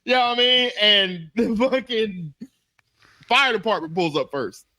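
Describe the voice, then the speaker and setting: Guy telling a crazy story on a podcast, high bright voice, laughs a lot, dry sound. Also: unhurried, no echo. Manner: animated, laughing, acts out his own panicked voice. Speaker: podcast co-host. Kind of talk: casual comedic storytelling.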